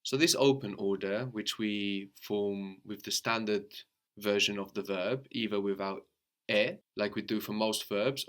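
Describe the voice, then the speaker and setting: A man's voice: fairly low pitch, fairly bright tone. A man teaching a guided language lesson, patiently prompting a student with questions and often checking with "no?".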